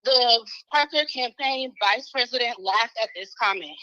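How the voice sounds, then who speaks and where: A woman's voice: on the high side, measured pace, sharp tone, no echo, low-quality recording. A woman calling in to a talk show, out of breath and indignant, laughing between phrases. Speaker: caller. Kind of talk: call-in comment.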